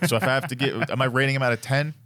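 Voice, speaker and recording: A man's voice: mid-range voice, steady tone, very fast, fairly bright tone. A man co-hosting a casual history podcast, asking questions and stammering through restarts. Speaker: podcast co-host. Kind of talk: casual chat.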